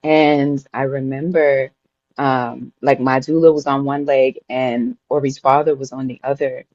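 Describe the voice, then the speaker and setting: A woman guest on a podcast, recounting a personal story in an emotional, lively, conversational way. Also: very deep voice, a little slow, dry recording, muffled recording. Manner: vivid, emotional retelling that often laughs and acts out her own past words. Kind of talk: personal storytelling in a casual interview.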